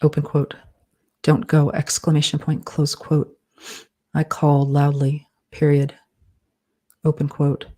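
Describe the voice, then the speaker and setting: Low, flat-voiced woman dictating slowly. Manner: speaks punctuation marks aloud, measured and deliberate. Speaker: author. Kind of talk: dictating a novel aloud.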